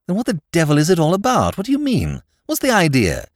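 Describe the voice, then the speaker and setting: A man voicing a brash, mocking young English gentleman in an audiobook reading, theatrical and quick-tongued. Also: on the high side, wildly swooping pitch, no room sound, studio quality, pitched above the performer's own voice. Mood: indignant.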